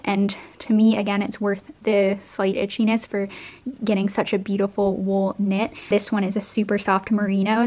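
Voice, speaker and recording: A woman's voice: mid-range voice, darkish tone. A young woman from Canada, chatting casually to camera at home and gushing over new clothes in a vlog. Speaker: vlogger.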